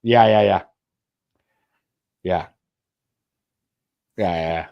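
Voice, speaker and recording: A man co-hosting a casual podcast chat during a football match, rambling, swearing and trailing off softly. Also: low-pitched, extremely slow, gravelly, highs cut off. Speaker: podcast co-host.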